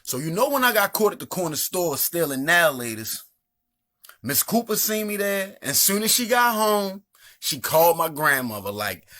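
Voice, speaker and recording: A man with a Baltimore accent spins comic stories in a loose, profane monologue. His voice sits a little high and jumps all over the place as he talks. He keeps the delivery animated from start to finish. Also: normal speed. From Baltimore, Maryland. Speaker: comedian. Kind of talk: comedic storytelling monologue.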